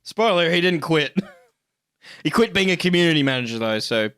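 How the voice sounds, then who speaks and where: A man's voice: on the high side, lively intonation, moderate pace, fairly bright tone, clean tone, dry recording. Give me a man hosting a stream, profane and jokey, recorded dry and close. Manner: profane, joking, laughs often. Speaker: streamer host. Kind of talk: casual chat.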